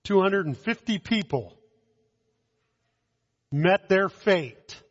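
A man preaching a communion sermon, slow and measured, with dramatic pauses and soft drops in his voice. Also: high-pitched, animated. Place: church hall. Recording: dull sound in a long-echoing hall.

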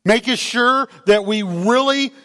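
A man preaching a sermon to his church, animated and calling out for amens. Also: very high voice, takes it slowly. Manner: animated, calls for amens, acts out voices. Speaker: pastor. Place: church sanctuary. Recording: long hall reverb.

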